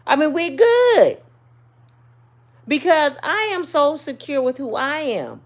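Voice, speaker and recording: Animated, sassy woman telling a story. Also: high-pitched, slow pace, long pauses. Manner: animated, sassy, swings between loud and soft. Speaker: channel host. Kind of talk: casual storytelling to viewers.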